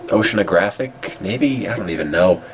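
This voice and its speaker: A congested man making dry, deadpan remarks while browsing and reading out old web pages. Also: on the low side, moderate pace, a little hiss or hum.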